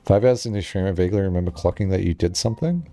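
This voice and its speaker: A man's voice: low-pitched, animated, racing, mellow, soft background music. A young man streaming a game, chatting casually and rambling, with frequent giggles and lots of filler words. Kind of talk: casual live-stream chat.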